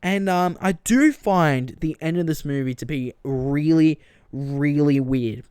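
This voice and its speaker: A man hosting a podcast, giving an animated, exasperated movie-review rant full of fillers and restarts. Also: a little high, unhurried, clean tone, no echo, clean studio sound. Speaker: podcast host.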